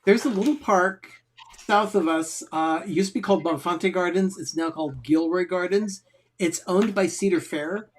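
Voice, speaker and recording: Male co-host, fairly high voice, easygoing, matter-of-fact chat. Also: moderate pace. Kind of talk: casual watch-party commentary.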